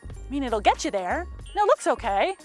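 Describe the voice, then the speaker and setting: Lively high-voiced woman reviewing a car. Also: normal speed, faint music behind. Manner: chatty and frank, with hesitant fillers. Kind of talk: casual car review to camera.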